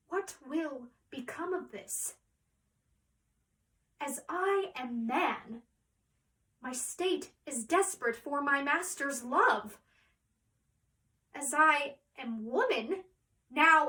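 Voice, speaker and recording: A woman's voice: high-pitched, fairly bright tone, recorded from a distance, voice pushed up, full character voice. A woman playing Viola, torn and musing. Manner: measured, musing verse delivery. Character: young woman disguised as a man, lovesick and torn. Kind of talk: Shakespeare monologue performance.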